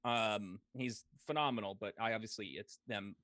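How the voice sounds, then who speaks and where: A man's voice: fairly low pitch, moderate pace, bright, forceful tone, no echo. Rambling man on a dry call. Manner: rambling, hesitant, many fillers and restarts. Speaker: podcast co-host. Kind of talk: casual chat.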